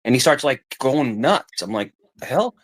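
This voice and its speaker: A middle-aged man chatting casually, voice sitting in an ordinary middle pitch. He rambles, repeats phrases and restarts sentences as he tells a family story. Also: normal speed. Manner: rambling, repeats himself, acts out quoted voices. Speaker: podcast guest telling family stories. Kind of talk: casual chat.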